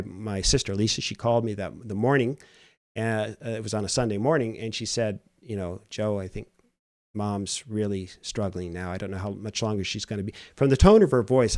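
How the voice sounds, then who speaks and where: Low-voiced middle-aged man, halting reflections. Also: dry recording, studio quality. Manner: halting and soft-spoken, with frequent restarts. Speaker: host. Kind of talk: reflective solo commentary.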